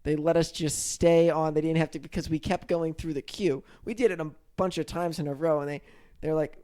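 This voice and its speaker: A man's voice: on the high side, steady tone, a little fast, warm tone, clear, resonant tone. A young man co-hosting a podcast, chatting casually and rambling with many restarts. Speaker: podcast co-host. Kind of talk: casual chat.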